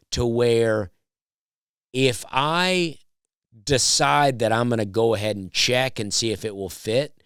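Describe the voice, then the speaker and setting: A man with a smooth baritone, a comedian and podcast host telling a rambling story in casual chat with wry asides. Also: a bit bright, no room sound, clean studio sound.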